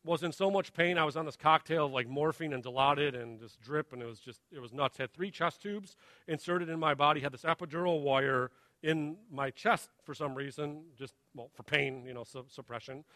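A man in his thirties preaching a sermon, telling a personal story in a halting conversational way that builds to emphatic questions. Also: fairly high pitch, sharp tone, no room sound. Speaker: pastor.

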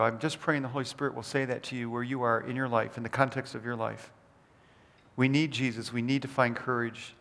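A male pastor delivers an earnest sermon, stacking repeated phrases for emphasis and sinking into hushed, gentle lines. His voice sits in a middling register. A long reverb trails behind him from a large church hall. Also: medium pitch.

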